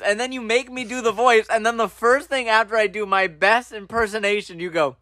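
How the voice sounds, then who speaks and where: A man co-hosting a podcast in casual banter, excitable and jokey, laughing a lot and jumping high in pitch when he plays indignant. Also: brisk, few pauses, no echo, studio quality. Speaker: podcast co-host.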